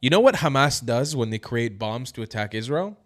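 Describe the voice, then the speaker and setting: A man's voice: medium pitch, animated, normal speed. A man giving heated, emphatic news commentary straight to his viewers, tired and yawning. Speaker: commentary vlogger.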